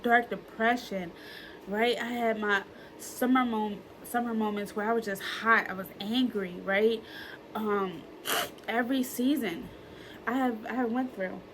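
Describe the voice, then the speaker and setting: A woman's voice: a little high, steady tone, unhurried, a little hiss or hum, poor audio. Earnest woman in her early thirties. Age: early 30s. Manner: earnest and emotional, with frequent fillers and repetitions. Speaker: vlogger. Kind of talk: personal reflection vlog.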